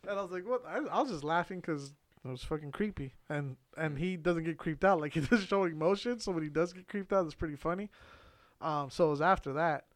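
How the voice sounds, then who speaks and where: A man's voice: fairly high pitch, fairly quick. A young man telling a long story in a casual chat, rambling and swearing with lots of fillers and laughs. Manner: rambling, profane, filler-heavy, laughs often. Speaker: podcast co-host telling a story.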